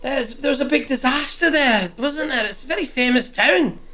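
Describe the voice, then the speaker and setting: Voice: sits high, moderate pace, bright, forceful tone, voice pushed up. A game master playing Hilda, a gossipy tavern barmaid. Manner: gossipy, helpful, meandering. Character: chatty older woman barmaid.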